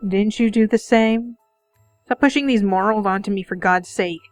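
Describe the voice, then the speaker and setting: Visual novel read-aloud: woman voicing a calm, teasing stranger, mid-pitched, unhurried. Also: faint music behind, natural voice. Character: calm, teasing mysterious young man.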